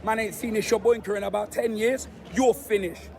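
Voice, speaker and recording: A hoarse young man with a London accent, vlogging loudly and boastfully to a phone camera after a football win. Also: high-pitched, fairly even intonation, brisk. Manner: loud, boastful street-slang banter. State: hoarse, voice nearly gone. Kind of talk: excited fan vlog to camera. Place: crowded street outside a stadium. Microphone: handheld phone camera. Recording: noisy crowded street. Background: crowd of fans.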